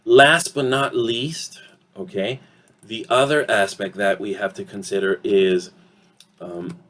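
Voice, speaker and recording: A man teaching an online English pronunciation lesson, slow and deliberate, often ending points with "okay?" and filling pauses with "um". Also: on the low side, fairly bright tone.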